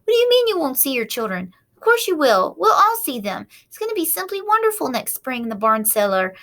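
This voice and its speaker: A bright, eager young boy pig speaks in a raised, wondering storybook voice, put on by a woman reader. The voice has a faint gravelly edge and lively, hopeful rises. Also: brisk, heavily acted. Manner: high-pitched, excited and earnest.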